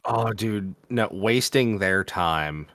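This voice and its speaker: Low-voiced laid-back male podcast host. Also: expressive, slow, crowd noise. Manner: loose, laid-back storytelling with fillers and swearing. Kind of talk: casual chat, storytelling.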